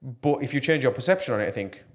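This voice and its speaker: A man's voice: medium pitch, animated, fast talker. A man talking earnestly and passionately as a podcast guest, with plenty of fillers. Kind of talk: casual podcast interview.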